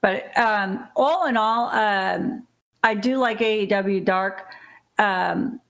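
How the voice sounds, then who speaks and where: A woman's voice: mid-range voice, slow, vocal fry. A middle-aged woman from Illinois, co-hosting a wrestling podcast in casual chat, blunt and rambling, swearing and laughing often. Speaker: podcast co-host.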